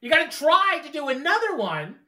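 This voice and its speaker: A woman's voice: sits high, sing-song, a little fast, bright, forceful tone. A woman co-hosting a podcast, trading teasing jokes in casual chat. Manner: teasing, joking banter. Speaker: podcast co-host. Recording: roomy echo.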